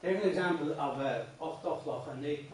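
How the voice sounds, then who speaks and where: Irish man, song teacher, slightly high voice, very echoey classroom, off-mic. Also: fairly quick, far from the mic, slight background noise. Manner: explains patiently, with many restarts, sometimes sings lines. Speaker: singing teacher. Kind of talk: workshop lecture on song. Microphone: distant room mic.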